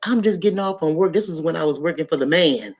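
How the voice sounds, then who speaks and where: A middle-aged woman hosting a podcast, telling a story in an animated, emphatic way and talking straight to her listeners. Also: low-pitched, fast, breathy edge. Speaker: podcast host. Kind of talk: casual storytelling chat. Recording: dull lo-fi sound.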